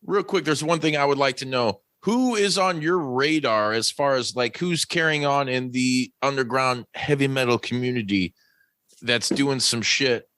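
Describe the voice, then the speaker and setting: Podcast host guy, laid back, swears a lot, bright voice, dry close sound. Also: medium pitch, normal speed, dry recording. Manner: laid-back, profane questions. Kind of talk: casual podcast interview.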